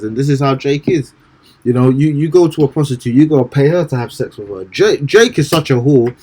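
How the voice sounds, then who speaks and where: A man's voice: medium pitch, darkish tone, slightly rough. Casual man preaching over scripture. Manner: casual, stumbling repetitions; slow, measured scripture reading. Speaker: street preacher. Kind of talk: scripture reading and commentary.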